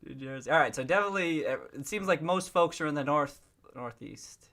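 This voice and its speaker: A man's voice: a little high, lively intonation, moderate pace, a bit bright. A man hosting a casual livestream, reading out viewer comments in a chatty, playful way, laughing often and restarting his sentences. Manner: reacts to and reads out viewer comments.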